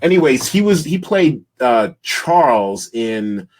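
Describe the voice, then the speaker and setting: A man's voice: medium pitch, big pitch swings, slow, a little mellow. A man in his forties hosting a casual movie podcast, rambling and laughing, often trailing off while he hunts for names. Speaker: podcast host.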